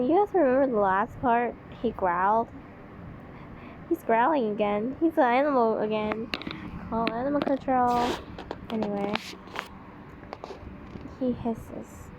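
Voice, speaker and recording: A woman's voice: a little high, narrow, tinny audio. Woman host with a childlike voice, sarcastic story reader, faint hiss on the track. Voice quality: childlike-sounding voice. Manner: mocking, incredulous asides. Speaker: channel host reading a story. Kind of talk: sarcastic reading commentary.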